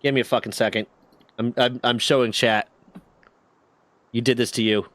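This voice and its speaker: A man hosts a casual live stream in a voice of middling pitch, joking and rambling as he talks with a co-host and reacts to chat. His voice is recorded dry on a close mic, with no room sound. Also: steady tone, normal speed, fairly bright tone, dry recording.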